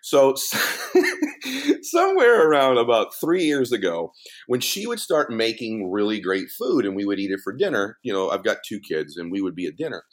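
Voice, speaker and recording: A middle-aged man telling a story in a podcast conversation, animated and laughing, with big swings in his voice. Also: fairly low pitch, normal speed. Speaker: podcast guest, motivational speaker.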